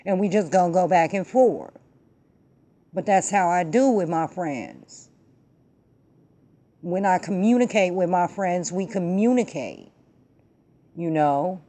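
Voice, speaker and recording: A woman's voice: on the low side, slow pace, long pauses, mellow. A woman hosting her own vlog, telling a story and ranting about politics in emphatic, profane, slangy talk. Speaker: vlog host. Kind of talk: casual political rant and storytelling.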